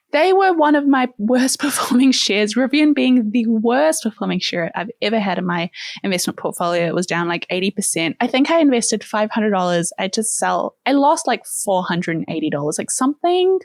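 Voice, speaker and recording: A woman's voice: fairly high pitch, dry recording, clean studio sound. A woman from New Zealand with a New Zealand accent, hosting in a casual, chatty, playful way with lots of fillers. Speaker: host. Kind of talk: casual chat.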